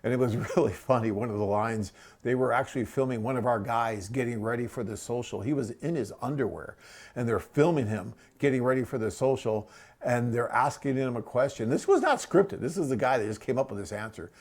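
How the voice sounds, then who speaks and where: A man's voice: medium pitch, fairly quick, a little mellow. Chatty man hosting a live webcast. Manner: chatty, rambling, frequent "right?" and "um". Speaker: host answering viewer questions.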